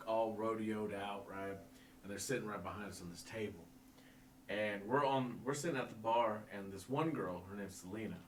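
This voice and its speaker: A man telling a long bar story in casual podcast chat, animated, laughing often and swearing freely. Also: on the low side, normal speed, slight background noise.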